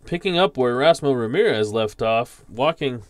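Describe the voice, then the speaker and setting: A man calling play-by-play for a tabletop baseball simulation, slowly reading out dice rolls and player stats. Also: medium pitch, lively intonation. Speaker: league commissioner calling a tabletop baseball sim. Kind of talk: play-by-play commentary.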